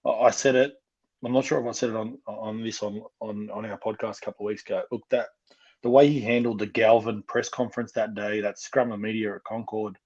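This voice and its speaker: An Australian man talks on a casual fan podcast, his husky voice full of passion as he gets worked up. The recording sounds dull and lo-fi. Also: fairly low pitch, fairly even intonation, brisk, a little mellow. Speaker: podcast co-host, fan guest.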